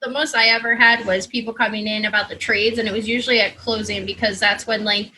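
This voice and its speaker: A woman's voice: mid-range voice, fairly even intonation, fast talker, pushed and bright, a little hiss or hum, rough recording. A woman co-hosting a podcast over a video call in casual chat, blunt and swearing, laughing often. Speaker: podcast co-host.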